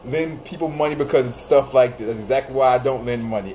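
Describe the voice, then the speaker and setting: A man's voice: mid-range voice, quick pace, darkish tone, slight background noise. A man hosting a phone livestream, telling a story casually to his chat. He laughs often and repeats phrases for emphasis. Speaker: livestream host.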